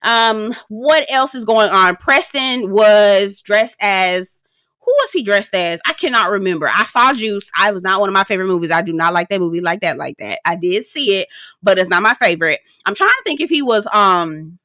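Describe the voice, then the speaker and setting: A woman's voice: mid-range voice, animated, moderate pace, sharp tone, dry recording. A young woman giving a casual, blunt and profane commentary on a reality show, laughing often and talking straight to her viewers. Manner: chatty, speaks straight to viewers.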